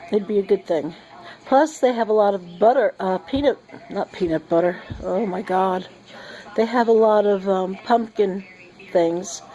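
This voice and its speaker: Sick middle-aged woman, mellow voice, slap-happy rambling vlog chat. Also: medium pitch, low-quality recording. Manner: giddy and rambling, laughing often. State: sick and short of breath. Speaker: vlogger. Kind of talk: casual rambling monologue. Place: sitting at home.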